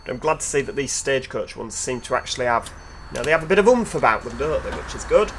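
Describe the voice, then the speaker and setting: A man's voice: mid-range voice, lively intonation, quick pace, noisy background. A man giving casual, chatty commentary over gameplay, with joking asides to his viewers. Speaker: video game commentator.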